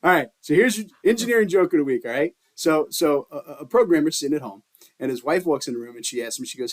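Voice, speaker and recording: A man's voice: fairly high pitch, animated, fast talker. A man hosting a podcast in a jokey, playful way, laughing often as he chats with guests. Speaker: podcast host. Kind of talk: casual podcast chat.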